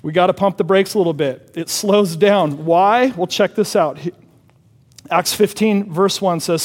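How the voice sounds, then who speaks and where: A man with a high-pitched voice preaches a lively, casual sermon, mixing slang with scripture. His voice rings out with a long reverb, as if in a large church sanctuary. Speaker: pastor.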